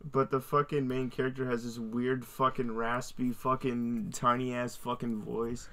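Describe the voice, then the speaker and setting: A man's voice: medium pitch, flat delivery, moderate pace, fairly bright tone. A man co-hosting a casual livestream, telling rambling, profane anecdotes. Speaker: co-host.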